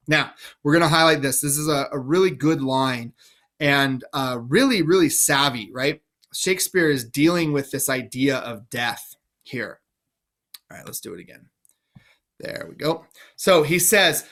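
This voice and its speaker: A man's voice: fairly high pitch, measured pace, fairly bright tone. A male teacher giving a chatty, enthusiastic explanation of a play to his class. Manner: chatty, enthusiastic, asks "right?".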